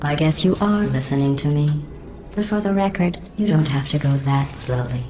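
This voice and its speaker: An actress voicing a cold, sarcastic female facility computer that delivers insults in a polite, deadpan tone through a robotic filter. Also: low voice, moderate pace, a little hiss or hum. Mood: deadpan mocking. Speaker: test overseer in a video game. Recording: echoey game audio.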